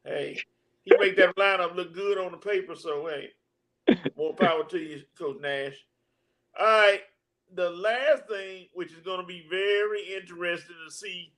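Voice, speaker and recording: A man's voice: sits high, sharp tone. A man co-hosting a sports talk show, easygoing, running through topics and tossing questions to his partner. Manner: easygoing, laughs at his own jokes, tosses questions. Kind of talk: casual sports banter.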